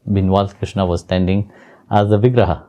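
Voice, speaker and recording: A low-pitched man with a mellow, dark voice, gently telling spiritual stories in an interview. His phrasing is simple and non-native, and he chuckles softly now and then. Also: fairly even intonation, fairly quick, a little hiss or hum. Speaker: spiritual teacher. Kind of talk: storytelling and spiritual teaching in an interview.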